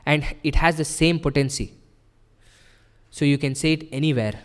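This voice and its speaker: Earnest man, devotional sermon, slightly high voice, long reverb of a temple hall. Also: fairly even intonation, moderate pace. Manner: earnest, explanatory, with frequent rhetorical "right?". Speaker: temple speaker.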